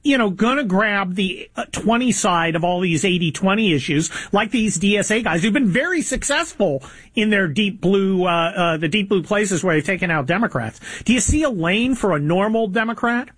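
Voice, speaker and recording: A man's voice: high voice, animated, moderate pace, hardly any pauses, a bit bright, breathy edge, no room sound. A man in his fifties hosting a political talk conversation, opinionated and sarcastic, stumbling through many fillers. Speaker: host.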